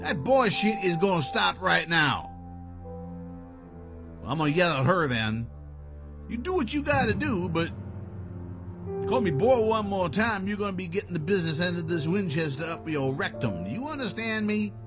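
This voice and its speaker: A man playing a brash defender of a barricaded house, talking in a loud, blustering and sarcastic way in a comic parody. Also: high-pitched, very animated, moderate pace, pauses often, over music. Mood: angry.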